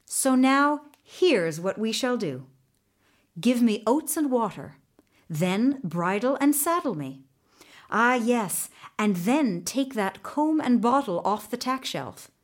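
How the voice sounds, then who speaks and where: A woman voicing a wise, calm male horse that talks in a steady, knowing way. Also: on the high side, takes it slowly.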